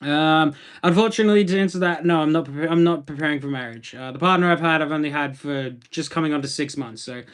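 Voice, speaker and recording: A man's voice: on the high side, quick pace, few pauses, fairly bright tone, smooth. An Australian man chatting casually on a livestream, laid-back and rambling as he answers viewer comments.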